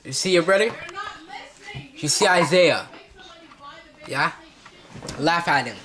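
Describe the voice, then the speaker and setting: A woman's voice: low-pitched, animated, slow pace, noisy background. A woman vlogging at home, scolding and swearing in mock threats. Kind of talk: casual home video vlog.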